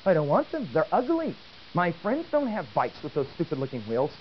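Man doing a stubborn young girl, lively pitch, dull tape. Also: fairly quick, slight background noise. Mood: defiant.

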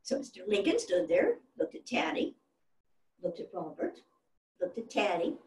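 A woman's voice: mid-range voice, sing-song, moderate pace, darkish tone. Woman playing a genteel 1800s widow storyteller. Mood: fond. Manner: fond, chatty storyteller with exclamations. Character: genteel 1800s widow recalling her family. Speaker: actress portraying a historical first lady. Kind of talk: live one-woman historical reenactment. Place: stage before a live audience. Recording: roomy hall from a distant mic.

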